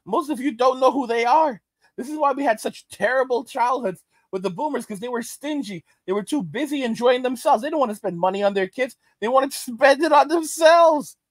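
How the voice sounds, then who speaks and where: A middle-aged man with a fairly high voice, ranting animatedly as he reads chat comments aloud. He laughs often and hammers points home by repeating them. The sound is close and dry, with no room around it. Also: fairly quick, no room sound. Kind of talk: casual reaction commentary.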